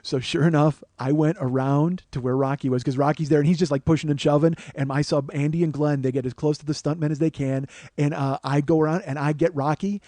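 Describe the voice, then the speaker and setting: A middle-aged man, the host, telling a comic story in an animated, profane way, often getting loud and excited. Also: a little high, fast, few pauses, no echo. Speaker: podcast host.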